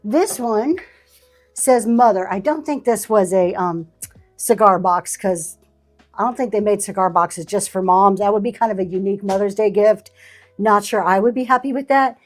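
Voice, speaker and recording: A woman running a live online auction stream, chatting casually and thanking buyers by name as she shows vintage items. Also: medium pitch. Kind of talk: live selling stream chat.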